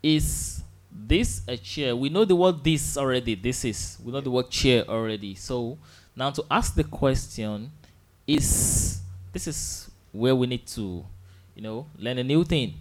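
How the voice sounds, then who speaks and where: A man teaching an Arabic lesson, drilling simple phrases slowly and patiently and asking students to repeat after him. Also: medium pitch, lively intonation. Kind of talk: online language lesson.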